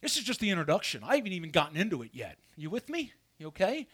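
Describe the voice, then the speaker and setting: A man's voice: high-pitched, rapid-fire. A man preaching a sermon as pastor from a church pulpit, asking his congregation questions as he goes. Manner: animated preaching with rhetorical questions.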